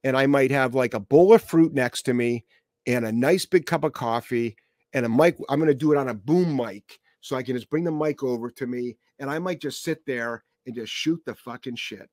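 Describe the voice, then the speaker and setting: A man's voice: mid-range voice, normal speed, darkish tone, no room sound, studio quality. Blunt, profane male dog trainer. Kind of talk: podcast Q&A.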